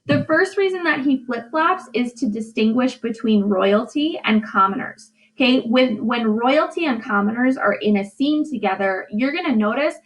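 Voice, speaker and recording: A woman teaching a recorded high school English lesson, chatty, checking in often with "okay" and "right". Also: expressive, normal speed, hardly any pauses, poor audio. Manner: sounds out stress patterns aloud.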